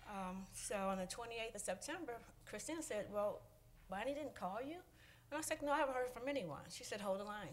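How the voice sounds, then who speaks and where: Resident at the mic: emotional, halting woman, lots of fillers. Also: mid-range voice, slight background noise. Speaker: resident speaking at public comment. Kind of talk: public comment at a council meeting.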